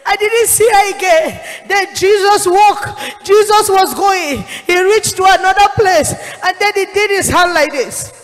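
A woman's voice: very high-pitched, measured pace, hardly any pauses, soft background music. Impassioned woman evangelist. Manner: impassioned, shouting, tearful. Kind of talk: sermon testimony. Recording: long hall reverb.

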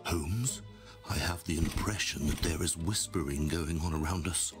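A man voicing a dutiful, dry-humored sidekick with a deadpan, matter-of-fact delivery. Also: rumbling low, moderate pace. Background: music.

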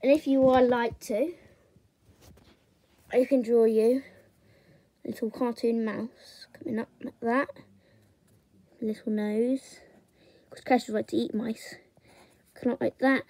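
Young woman, drawing tutor, unhurried and chatty, narrates step by step. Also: a little high, fairly even intonation, mellow, no room sound.

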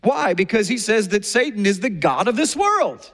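A man with a high voice delivers a sermon, telling stories with energy and acting out the people he quotes. His voice rings through a large hall with a long reverb. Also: big pitch swings, moderate pace, fairly bright tone. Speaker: pastor.

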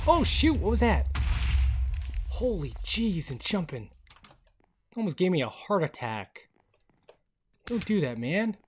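Man, gameplay commentary, headset mic, excitable, laughs a lot, lively pitch, fairly high voice. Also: takes it slowly, pauses often, a little hiss or hum. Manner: excitable, laughs often, chatty. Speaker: gaming video host.

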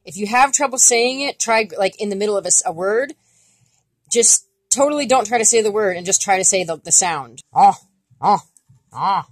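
A woman teaching a casual language lesson in a dry, close sound with no room echo. She talks in a relaxed, chatty way and often stops to model sounds out loud. Her pitch sits at an ordinary middle height. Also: a little fast. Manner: relaxed and chatty, with many fillers and playful demonstration sounds.

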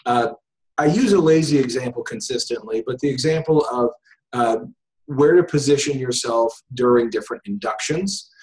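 Speaking at a moderate pace with a medium-pitched voice, a male hypnosis instructor guests on a casual interview. He thinks out loud, stumbling through fillers and restarts, and the video-call recording is low quality.

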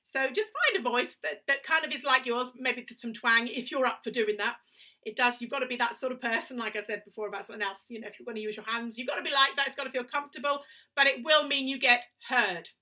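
A woman with a southern English accent teaches singing in a loose, chatty way, breaking off into small laughs and quick demonstrations. Her voice is bright and forward. She sits a little back from the microphone. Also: a little high, steady tone, far from the mic. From England. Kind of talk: casual spoken lesson.

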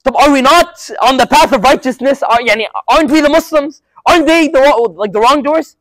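An indignant man protests with one agitated question after another, his voice pushed higher than normal, as a young storyteller puts him on. He sounds aggrieved and demands answers. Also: drawn-out words, dry recording, exaggerated voice, poor audio. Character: indignant male companion, protesting loudly.

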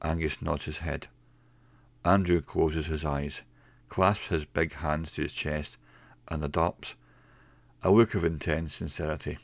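Deep-voiced man narrating a story. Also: fairly even intonation, vocal fry, no room sound. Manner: slow, measured storytelling.

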